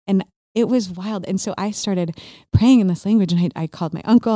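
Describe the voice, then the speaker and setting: A woman in her forties tells a personal story at a rapid clip, her voice low and warm. She gets animated, slipping into little acted-out asides of what she thought at the time. The sound is close and dry, with no room around it. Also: no echo. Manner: animated, acts out her own past thoughts in quick asides. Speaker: guest sharing a faith testimony. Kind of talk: casual conversational storytelling.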